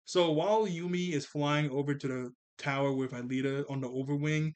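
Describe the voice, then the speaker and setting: A man recapping a cartoon episode in a casual, excitable, rambling way, talking fast and correcting himself as he goes. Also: a little high, clear, resonant tone. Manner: talks fast. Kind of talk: casual spoken review.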